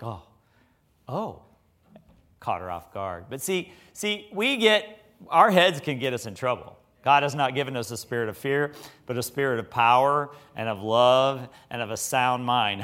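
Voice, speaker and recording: A man's voice: mid-range voice, a bit bright. A middle-aged man preaching a sermon in a folksy, conversational way, telling stories with animation.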